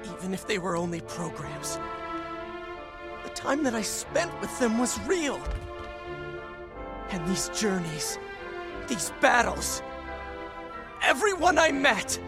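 A man's voice: sits high, very animated, takes it slowly, vocal fry, pauses often, over loud music, heavily acted. An actor playing an earnest, defiant young male hero in a dubbed film, over a film score.

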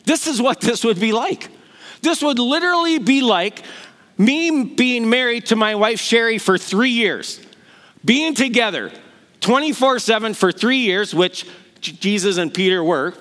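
A man's voice: extremely high pitch, lively intonation, a little slow, a bit bright. A middle-aged man preaching a sermon, telling the stories with animation and acting out the voices he quotes. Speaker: pastor.

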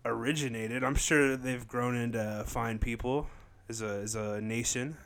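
A man co-hosts a podcast and keeps the casual chat going with dry, sarcastic remarks. His voice sits at an average pitch for a man, and his tone stays relaxed and wry. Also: a little slow. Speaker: podcast co-host.

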